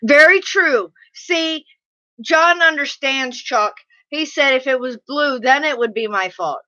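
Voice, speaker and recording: High, bright-voiced woman hosting a stream. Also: unhurried, muffled recording. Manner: animated, laughing, reads chat aloud. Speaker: live stream host. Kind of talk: casual live stream chat.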